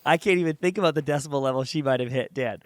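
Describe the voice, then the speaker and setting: A man's voice: on the high side, racing, no echo, clean studio sound. A young man co-hosting a casual comedy podcast, building absurd scenarios and laughing along. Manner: spins absurd hypotheticals, laughs often. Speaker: podcast co-host.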